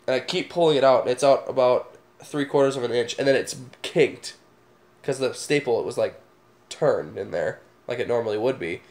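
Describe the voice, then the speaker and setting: Young man, casual storytelling, relaxed, medium pitch. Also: moderate pace. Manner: laid-back, laughs at his own stories. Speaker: vlogger.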